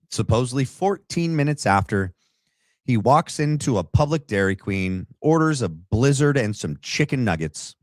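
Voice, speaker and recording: A man's voice: fairly low pitch, no room sound, studio quality. A man hosting a reaction commentary from his desk, sarcastic and rambling. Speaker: commentary host. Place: home desk setup. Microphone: desk camera mic.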